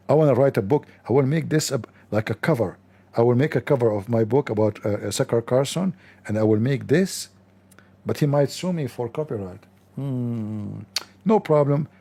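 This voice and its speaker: This livestream host has a medium-pitched, dark-toned voice. Reacting to a video, he's sarcastic and scornful, feigning exaggerated incredulity, and his English grammar is non-standard.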